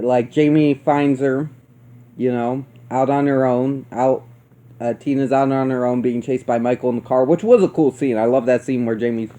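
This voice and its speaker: Casual male film reviewer, profane, rambling, warm mellow voice. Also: medium pitch. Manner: profane, rambling, laughs often. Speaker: movie reviewer.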